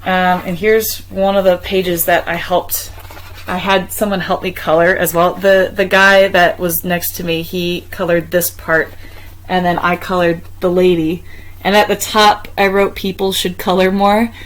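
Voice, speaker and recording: A woman's voice: unhurried, poor audio. A young woman casually recounting a personal experience to camera, chatty, with frequent ums and restarts. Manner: chatty, many ums and restarts, bursts into high excited quoting. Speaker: vlogger.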